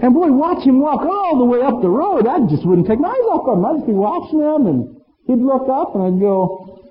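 A middle-aged man preaching a storytelling sermon as pastor, animated and humorous, acting out bits of dialogue. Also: very high voice, moderate pace. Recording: reverberant hall, muffled with faint noise.

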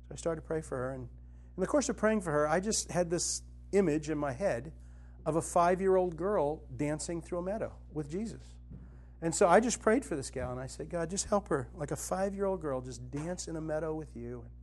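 A middle-aged man giving a conversational spiritual teaching, telling personal stories earnestly, his voice dropping soft and low, then rising with conviction. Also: animated, a little fast, slight background noise. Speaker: Christian teacher and author.

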